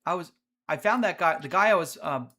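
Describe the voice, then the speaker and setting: A man hosting a live gameplay stream, energetic and chatty, talking to his viewers as he plays. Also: fairly high pitch, fairly quick. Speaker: streamer, host.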